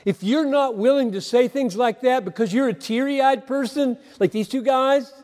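Older male pastor, high voice, earnest emphatic sermon delivery, long hall reverb. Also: a little mellow. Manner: earnest, emphatic, with halting repetitions.

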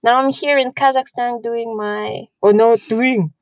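Chatty Texan woman, higher voice. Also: steady tone, measured pace, no echo. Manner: self-deprecating, laughing, restarts mid-sentence. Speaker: podcast co-host. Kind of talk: casual chat.

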